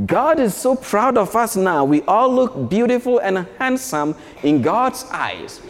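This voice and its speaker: A priest speaks to schoolchildren in a large church, his voice carried by a long reverb. He talks slowly and gently, with a lively, swinging pitch, and leads the children in call-and-response. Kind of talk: homily to schoolchildren.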